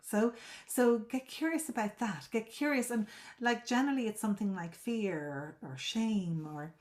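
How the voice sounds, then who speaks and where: A woman's voice: fairly high pitch, moderate pace, a little mellow. A woman coaching a group on a live video call, explaining at length. She often repeats and restarts words and checks whether listeners follow.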